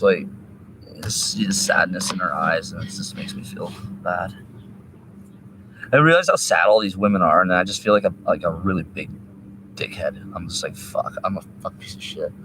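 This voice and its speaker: A man live streaming from a park, rambling and swearing while high. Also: normal speed, noisy background. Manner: rambling, profane, sing-song asides. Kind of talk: rambling outdoor livestream chat. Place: park outdoors.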